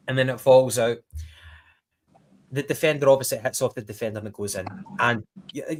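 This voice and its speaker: A man talks casually on a football podcast. He hesitates with frequent ums and restarts, then gets animated recounting plays. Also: medium pitch. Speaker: podcast co-host.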